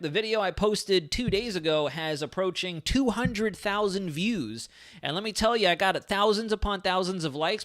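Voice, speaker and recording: Man, live weather stream host, rambling and excitable, slightly slurred speech, fairly high clear voice. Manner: chatty, excitable, rambling asides. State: slightly slurred from a sore lip. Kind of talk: casual livestream weather talk.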